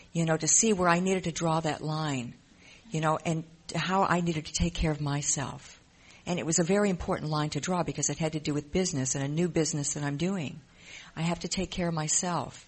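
Husky, earnest recovery testimony. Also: mid-range voice. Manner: earnest and emotional, often repeating phrases. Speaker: member sharing in a recovery program. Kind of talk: personal testimony.

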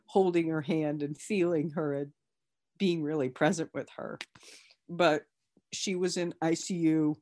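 A middle-aged woman telling a personal family story in an emotional, halting way, repeating herself and stammering at moments. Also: deep voice, a little mellow.

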